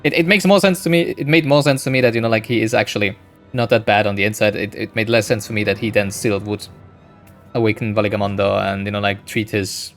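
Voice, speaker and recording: A man's voice: fairly low pitch, fairly even intonation, quick pace, a bit bright, faint music behind. A man giving casual, rambling gameplay commentary, thinking aloud with frequent hesitations. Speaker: gaming streamer.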